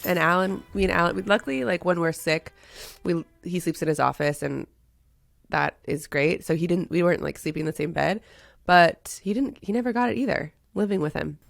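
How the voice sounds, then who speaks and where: A woman co-hosting a podcast, hoarse from being sick, chatting casually and laughing often. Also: on the low side, brisk, no room sound, studio quality. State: hoarse from illness. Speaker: podcast co-host. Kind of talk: casual chat.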